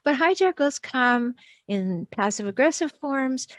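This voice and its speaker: Higher-pitched woman explaining, dry sound. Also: unhurried, no echo. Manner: animated, acts out quoted voices. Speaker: relationship expert guest. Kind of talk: explanatory interview talk.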